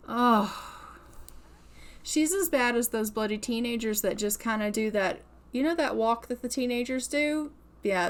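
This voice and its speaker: A young woman giving chatty, playful commentary on a life-simulation game and cheering her character on. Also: sits high. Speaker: gaming channel host. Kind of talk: casual gameplay commentary.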